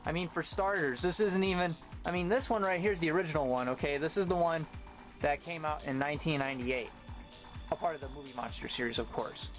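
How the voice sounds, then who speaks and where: A man's voice: fairly high pitch, fast, faint music behind. Talkative man rambling through a toy review. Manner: talkative, rambling, sarcastic asides. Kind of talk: casual review vlog.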